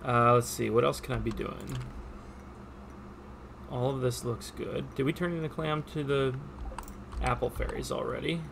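A chatty, upbeat man talks through his farming game on a live stream, greeting viewers between tasks. His voice sits at an ordinary middle pitch. Faint keyboard typing and a light hum stay in the background. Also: fairly even intonation, normal speed, gravelly, pauses often.

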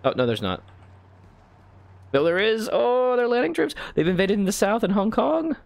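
A gravelly, fairly high man's voice that swings all over the place as he hosts a multiplayer strategy game. He talks in quick, excitable bursts full of mock outrage, and his mic sounds close and dry, with no room around it. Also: no room sound. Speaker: host of a strategy game let's play. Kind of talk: casual multiplayer gaming chat.

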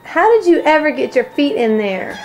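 A mother with a high, light voice talks slowly and playfully to her babies. She coos and teases them while she holds the camcorder, and faint music plays in the background. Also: poor audio. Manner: playful, cooing to babies, laughing often. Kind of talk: home video chat. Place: at home indoors. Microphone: handheld camcorder.

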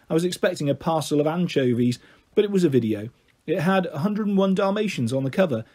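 A man narrating a children's book in a gentle, steady reading voice. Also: on the high side, breathy edge. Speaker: storyteller.

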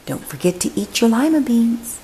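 A woman reading a children's picture book aloud as host, with expressive story-time delivery. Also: fairly high pitch, normal speed, slight background noise. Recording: echoey room.

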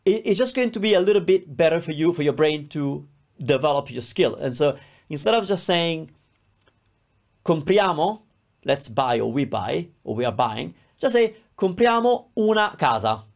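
A man teaching a beginner language lesson, explaining patiently and drilling words aloud with clear stress. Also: a little high. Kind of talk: recorded online lesson.

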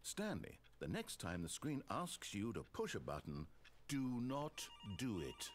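An actor voicing a calm, wry male narrator of a video game, with a measured storytelling delivery. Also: mid-range voice, slight background noise.

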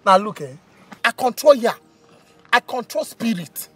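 Excitable Nigerian comic with a lively voice. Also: male voice, very high-pitched, unhurried, faint music behind. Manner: boastful, excitable, breaks into panicky shouting. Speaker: comedian. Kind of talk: comedy skit.

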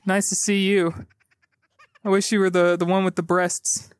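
A man's voice: high voice, level tone, normal speed, clean tone, dry recording. A young man doing sarcastic gameplay commentary, swearing and talking back to characters on a headset mic. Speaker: gaming YouTuber. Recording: loud game music behind.

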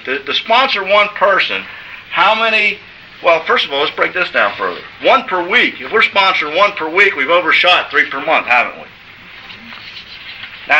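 A man delivers a motivational business seminar with a forceful, sharp-edged tone and a voice pitched a bit high. He talks emphatically and coaxingly, checking in with his listeners again and again. The sound is echoey and distant, with faint noise underneath. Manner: emphatic, coaxing, asks "okay?" often. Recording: echoey room from far off.

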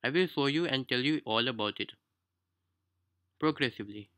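In brisk let's-play commentary, a gaming YouTuber with a non-native English accent explains the game in formal, somewhat stilted terms. His voice is medium-pitched with a sharp tone. Faint music sits behind him, and his low-quality home mic makes for poor audio.

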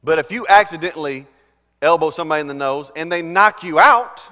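A man's voice: on the high side, brisk. Preaching man in a reverberant hall. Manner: swings from loud preaching to quiet storytelling. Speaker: pastor. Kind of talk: sermon.

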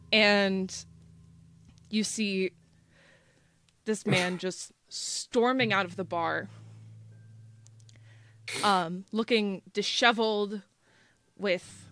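A woman narrating a tabletop role-playing game as game master, relaxed and full of fillers. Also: medium pitch, very slow, long pauses, no room sound. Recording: faint background music.

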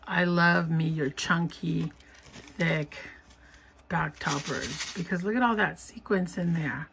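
A woman chatting casually as she opens craft mail, gushing and giggling, sometimes dropping to a soft whisper. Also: lowish voice, takes it slowly, gravelly, a little hiss or hum. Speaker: craft vlogger opening happy mail. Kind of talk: casual unboxing chat.

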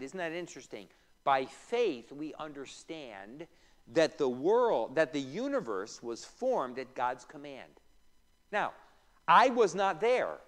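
On the high side and a bit bright, this man's voice belongs to a pastor teaching a Bible class in a church room. The reverberant hall echoes as he reads scripture, tosses off jokes and quizzes the class.

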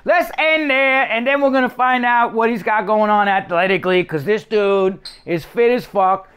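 A man hosting a casual cooking chat, talking fast with profanity and hype. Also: high voice, fairly bright tone, clean tone. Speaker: host. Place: home kitchen.

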